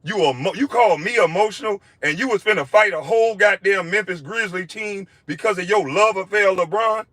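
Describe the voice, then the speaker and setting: A former athlete tears into a critic in a heated, profanity-filled rant. His voice sits high and cuts with a bright, sharp edge. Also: fairly quick, hardly any pauses, no room sound. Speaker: former pro basketball player. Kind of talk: angry video rant.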